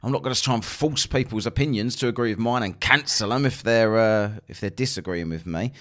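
Low-voiced male podcast host, blunt and sarcastic, sweary. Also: brisk, a bit bright. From England. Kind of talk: casual podcast monologue.

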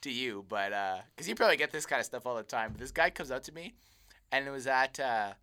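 Give me a young man with a forceful, bright voice, chatting casually and telling a long, rambling story. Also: medium pitch, fast talker, smooth. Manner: rambling animated storytelling, laughs often. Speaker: podcast co-host. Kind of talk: casual chat.

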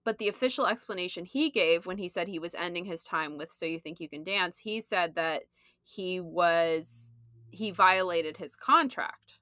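A woman's voice: lowish voice, moderate pace, sharp tone, no room sound. Chatty young woman podcast co-host. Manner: chatty, laughs often, lots of fillers. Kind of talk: casual chat.

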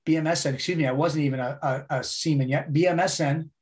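A middle-aged man from the United States, a podcast guest, telling his story in a blunt, profane, animated way. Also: a little high, fast. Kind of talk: casual storytelling interview.

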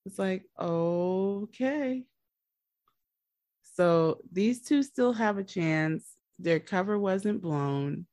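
A woman's voice: medium pitch, a little mellow, no room sound. A woman hosting a podcast, casually retelling a TV episode in a chatty storytelling way. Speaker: podcast host.

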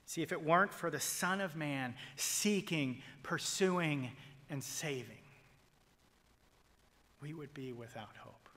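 A male pastor preaching a sermon, swinging from loud proclamation to hushed whispers as he retells a story and quotes people in it. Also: on the high side, slow, in a large hall. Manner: quotes figures in a retold story.

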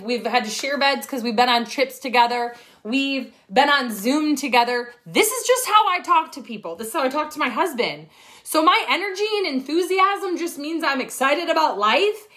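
A woman's voice: high-pitched, sharp tone. A woman coaching her team on a livestream from her phone, talking in a blunt, profane, fired-up way. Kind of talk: livestream pep talk.

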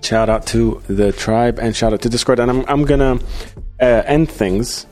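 A man hosting a podcast in casual chat, halting with many fillers and restarts. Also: medium pitch, a little mellow, faint music behind. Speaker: podcast host.

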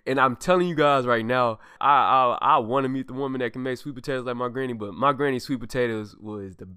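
A man's voice: medium pitch, fast talker, pushed and bright, clean tone, dry recording, studio quality. A young man hosting a podcast, telling heartfelt personal stories in a casual, emphatic way with loose slang, acting out quoted lines. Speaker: podcast host.

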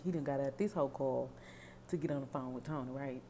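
A woman hosting a podcast, giving sassy, animated, profane commentary on song lyrics. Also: rumbling low, quick pace, a little hiss or hum. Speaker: podcast host.

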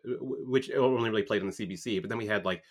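Wry young man, easygoing joker. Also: on the low side. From Canada. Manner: wry, joking, halting restarts. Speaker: podcast co-host. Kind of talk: casual chat.

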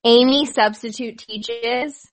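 A woman's voice: fairly high pitch, steady tone, takes it slowly, slight background noise. Blunt teasing woman among friends. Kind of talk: casual chat.

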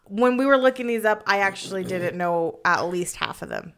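A young woman co-hosting a casual podcast, stuffy from a cold and chatting loudly with frequent laughter. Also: mid-range voice, moderate pace, a little hiss or hum. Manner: loud and spunky, laughs often. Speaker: podcast co-host. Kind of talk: casual chat.

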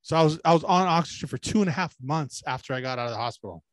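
A man's voice: on the high side, expressive, very fast, no echo. A man co-hosting a crude podcast, telling rambling, profane stories and mimicking people he quotes. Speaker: podcast co-host. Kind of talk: crude casual chat.

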